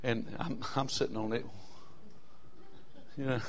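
A man, telling a story in a sermon in a folksy, animated way, with bursts of whooping. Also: mid-range voice, a little slow. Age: 60s.

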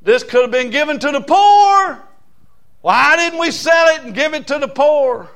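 A man's voice: extremely high pitch, expressive, moderate pace, a bit bright, pitched above the performer's own voice, full character voice. A man voicing an indignant, whiny male disciple who complains about wasted money, in a mock-outraged tone.

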